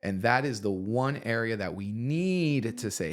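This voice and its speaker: A man's voice: mid-range voice, unhurried. A man, a therapist guest, giving advice in a casual conversation and explaining ideas step by step in an encouraging way. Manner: explains in steps, animated and encouraging.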